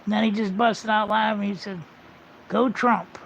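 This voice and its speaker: Gravelly, high-voiced man ranting profanely. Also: flat delivery, a little fast, a bit bright, slight background noise. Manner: profane, rambling, blunt. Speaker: livestreamer. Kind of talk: casual ranting monologue. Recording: muffled lo-fi livestream audio.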